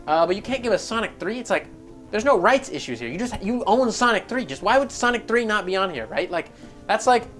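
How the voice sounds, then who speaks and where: A man's voice: high-pitched, a bit bright. A man hosting a gaming news show, giving casual commentary in a profane, exasperated rant.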